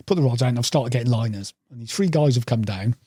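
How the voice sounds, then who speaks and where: A man's voice: mid-range voice, animated, fast talker, dark tone, breathy edge, dry recording, studio quality. A man telling rambling fishing anecdotes as a podcast guest, calling the host "mate". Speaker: podcast guest, carp angler. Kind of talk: casual storytelling interview.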